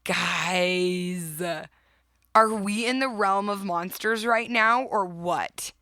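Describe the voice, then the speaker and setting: A woman's voice: mid-range voice, very slow, sharp tone, dry recording. A woman in her thirties hosting a motivational podcast, talking earnestly and with emphasis, often laughing. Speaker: podcast host.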